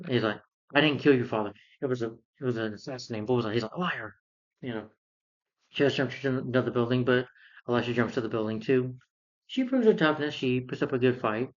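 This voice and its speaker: A man's voice: medium pitch, brisk. A man recapping a film plot in a casual, rambling way, with many fillers and restarts. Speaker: film reviewer. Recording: dull lo-fi sound.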